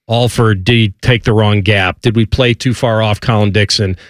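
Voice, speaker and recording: A man's voice: on the low side, lively intonation, moderate pace, hardly any pauses, no echo, studio quality. A man hosting a sports radio show, talking casually and breaking down plays with a joking, analytical manner.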